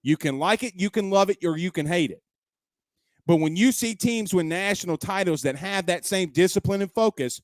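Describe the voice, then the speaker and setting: A male sports talk host with a slightly high voice, speaking in a dry, close sound. He argues his points with emphasis, repeats himself for effect and fires off rhetorical questions. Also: normal speed, dry recording. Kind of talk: opinionated sports talk commentary. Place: at home.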